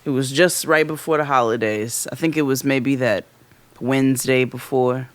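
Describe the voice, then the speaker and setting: A man co-hosting a podcast, telling a story in casual chat, animated and profane, acting out what people said in a raised voice. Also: medium pitch, moderate pace, slight background noise. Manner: animated, profane, acts out quotes loudly. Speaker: podcast co-host.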